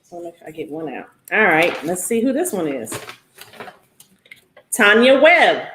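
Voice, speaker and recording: A woman's voice: fairly low pitch, big pitch swings, brisk, a bit bright, reverberant, a little hiss or hum. A woman hosting a live online giveaway in a playful, goofy way, calling out names again and again. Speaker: host. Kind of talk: live-stream giveaway, casual chat.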